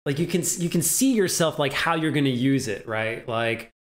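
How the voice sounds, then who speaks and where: A man's voice: medium pitch, animated, moderate pace. A young man teaching a casual language lesson, chatty and laughing often, acting out example sentences. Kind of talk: casual live-streamed lesson.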